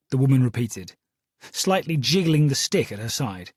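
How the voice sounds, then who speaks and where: A man reads a first-person story in a steady storytelling manner. His voice is husky and fairly high, with a lively rise and fall, and the recording is close and dry. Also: normal speed, no echo. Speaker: audiobook narrator. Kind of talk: first-person audiobook narration.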